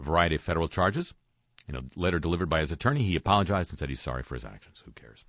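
A man's voice: low voice, no echo. A man hosting talk radio, reading news items with sarcastic, wry asides. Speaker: radio host.

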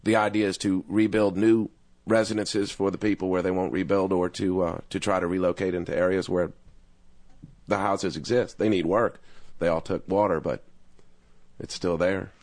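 A man speaks as a guest on a radio panel, halting and restarting his sentences. His voice is low and recorded dry and close. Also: flat delivery, a little mellow, no room sound.

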